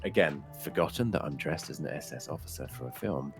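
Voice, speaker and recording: A man's voice: deep voice, fairly quick, fairly bright tone, soft background music. A man and guest on the show, telling a long, funny story in a casual way, swearing freely and laughing as he goes. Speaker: guest, streamer.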